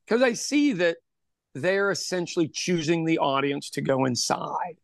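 Gravelly high-voiced man telling a story. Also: unhurried, dry recording, studio quality. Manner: animated storytelling, acting out quotes, swears freely. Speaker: podcast host telling a story; pub owner. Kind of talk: casual chat.

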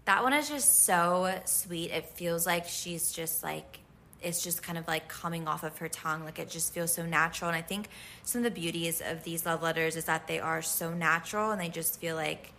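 A woman chats loosely as she introduces letters from her viewers, trailing off and circling back with fillers. Her voice sits low, with a bright, forceful edge and plenty of vocal fry. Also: a little hiss or hum. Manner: chatty, loose, full of "like" and "um". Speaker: host reading out fan love letters. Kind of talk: casual chat.

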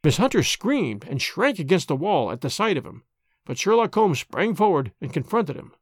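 Guy reading an old detective story, lively up-and-down voice, dry close mic. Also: a little high, moderate pace, husky, no echo. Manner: expressive, dramatic. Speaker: narrator.

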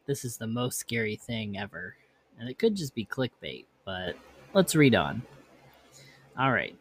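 A man hosting a podcast, reading ghost stories aloud and breaking off into offhand comments. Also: lowish voice. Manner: reads text, then breaks off into offhand comments. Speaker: podcast host.

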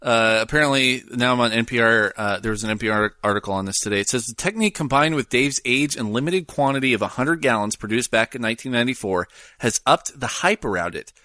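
A man's voice: medium pitch, bright, forceful tone, no echo, studio quality. A man co-hosting a casual chat, wry and reading news snippets aloud.

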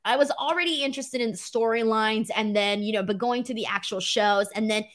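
Young adult woman, casual vlogger telling lively stories, playful and quick to laugh, voice slightly high. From US West Coast. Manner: animated, laughing, playful impressions. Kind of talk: casual Q&A storytelling.

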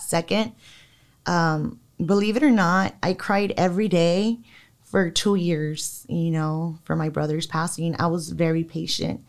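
A young adult woman, a podcast guest, telling an emotional personal story in a lively way with many fillers. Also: fairly low pitch, gravelly. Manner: animated, quickens and slows, many fillers. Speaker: podcast guest, psychic medium.

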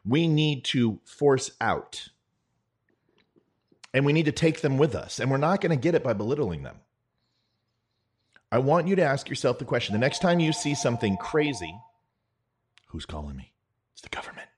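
Speaking straight to the listener, a middle-aged man delivers an earnest political monologue in a conversational style with quick impressions. He is a political commentator with an animated, mid-range voice that has a breathy edge.

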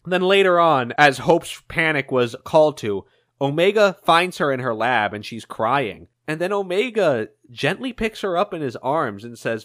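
A man's voice: a little high, moderate pace. A man co-hosting a podcast, casually recapping comic book plots. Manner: narrating plot, animated. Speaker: podcast co-host.

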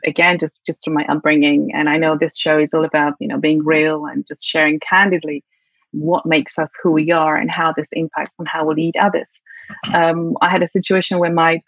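Husky British-accented woman from Poland. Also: low-pitched, flat delivery, moderate pace, no room sound, highs cut off. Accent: Polish-tinged British English. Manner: warm, reflective, many fillers. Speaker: guest. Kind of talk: interview conversation.

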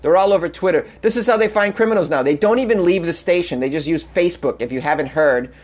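A man's voice: on the high side, quick pace. A man hosting a comedic news podcast, reading odd stories aloud and mocking them with sarcastic asides and frequent laughs. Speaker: podcast host.

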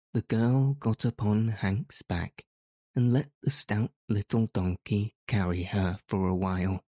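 Slow, deep-voiced man reading a storybook. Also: warm tone, no echo, clean studio sound. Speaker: audiobook narrator. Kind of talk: scripted narration.

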